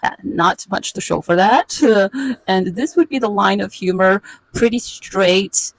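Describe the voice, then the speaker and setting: A woman's voice: medium pitch, measured pace, low-quality recording. A woman in her forties telling a comedic illustrated story in a wry, sarcastic, roasting way. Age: 40s.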